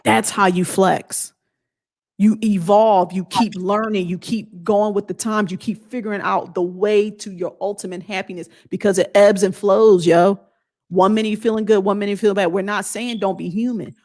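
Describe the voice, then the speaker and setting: A woman's voice: mid-range voice, fairly even intonation, moderate pace, darkish tone. A woman vlogger giving a blunt, emphatic motivational talk in a casual way.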